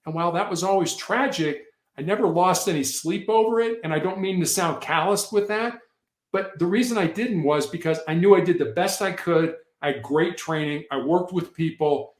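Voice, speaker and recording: A man tells stories from his old work on a podcast, earnest and explanatory, often restarting his sentences. His voice sits fairly high. The room around him rings with a noticeable echo. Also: normal speed. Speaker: podcast guest, former hostage negotiator. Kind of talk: casual interview storytelling. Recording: echoey room.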